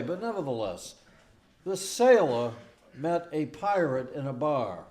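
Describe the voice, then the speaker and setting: An older man from the Boston area tells jokes at a small-town variety show, folksy and a bit self-deprecating. His voice sits a touch high for a man, and he takes his time, stumbling into restarts before each punchline. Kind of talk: stand-up joke telling. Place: community hall stage.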